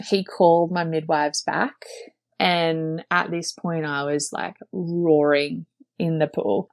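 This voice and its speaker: Gravelly low-voiced woman storyteller. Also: a little mellow, dry recording. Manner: chatty, frequent "like" fillers, earnest. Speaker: podcast guest sharing her birth story. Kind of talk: casual personal storytelling.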